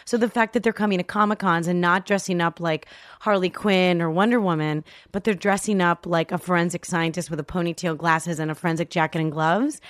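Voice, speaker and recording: A woman in her thirties, an actress guest on a podcast, chatting in a bubbly, excitable way and laughing often. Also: lowish voice, no echo, studio quality. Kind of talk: casual podcast chat.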